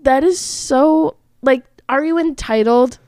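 A woman's voice: sits high, slow, darkish tone, dry recording. A young woman co-hosting a podcast, frank and opinionated in casual chat. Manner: frank, opinionated, laughs easily. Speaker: podcast co-host.

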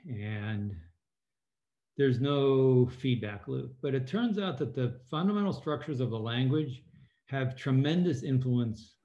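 A man's voice: medium pitch, measured pace. Man telling stories in a roomy room. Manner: animated storyteller, quotes people in lively voices. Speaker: guest, former submarine captain and author. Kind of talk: conversational interview storytelling. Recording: roomy, slightly dull sound.

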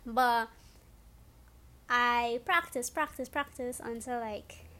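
A young woman telling her story as a guest in a casual chat, animated and acting out what people said. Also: a little high, slow pace, a little hiss or hum. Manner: animated, acts out quotes, rises to squeals when excited.

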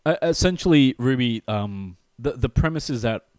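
A man's voice: medium pitch, animated, moderate pace, darkish tone, no echo. A man in casual chat who laughs often and stammers, repeating words as he starts a thought.

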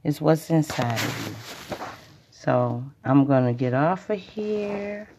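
A woman's voice: rumbling low, slow pace, vocal fry, background noise. A woman hosting a rambling, preachy spiritual livestream monologue that circles back and repeats itself. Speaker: podcast host.

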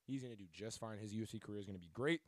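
A man's voice: fairly low pitch, rapid-fire, no echo. A man hosting a sports podcast, talking loosely and casually with lots of fillers and restarts. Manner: loose, rambling, filler-heavy delivery with self-corrections. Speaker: podcast host.

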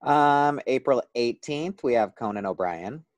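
A man co-hosting a podcast in casual chat, delivering things enthusiastically with quick asides. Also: mid-range voice, animated. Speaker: podcast co-host.

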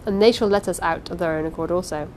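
A woman's voice: on the low side, quick pace, slight background noise, lightly acted. A woman reading aloud and voicing a small, polite older foreign man who answers with dignified courtesy. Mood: polite firm. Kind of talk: audiobook reading.

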